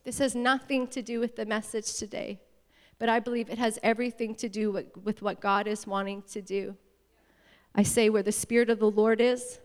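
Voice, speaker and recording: Woman pastor, fervent call-and-response preacher, high pitch, reverberant sanctuary. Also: flat delivery, moderate pace, clear, resonant tone. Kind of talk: sermon. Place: church sanctuary. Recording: echoey church hall.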